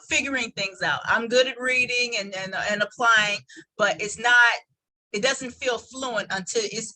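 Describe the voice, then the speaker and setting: A woman's voice: fairly high pitch, sharp tone, rough recording. A woman guest on a video call sharing her story earnestly and reflectively, often restarting her sentences. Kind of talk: personal testimony.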